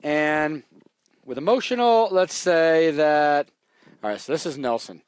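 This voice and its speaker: A man teaching programming in a relaxed, jokey way while he types, walking through code on a live stream. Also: a little high, a little slow, smooth, no echo. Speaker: programming instructor. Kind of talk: live coding tutorial.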